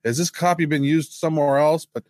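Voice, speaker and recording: Animated joking male podcast co-host. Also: fairly high pitch, brisk, no room sound. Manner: animated, joking, mimics others in quotes. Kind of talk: casual chat.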